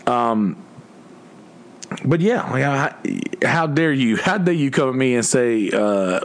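A man's voice: mid-range voice, lively intonation, takes it slowly, pauses often. A man talking casually to his viewers as a musician, rambling and ranting with lots of cursing, fillers and restarts. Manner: many restarts and filler words. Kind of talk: casual livestream chat.

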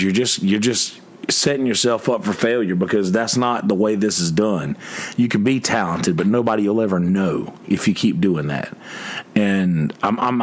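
Musician vlogger, male, lowish voice, rambling rant full of profanity and restarts. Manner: many restarts and filler words. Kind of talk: casual livestream chat.

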